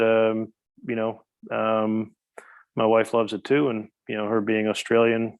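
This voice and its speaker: Low, flat-voiced man. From Newfoundland, Canada. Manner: rambling, hesitant, many fillers. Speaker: guest. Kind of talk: casual interview chat.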